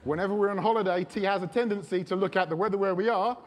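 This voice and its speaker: A man preaching a sermon, telling a personal story in a chatty, animated way. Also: high voice, very fast.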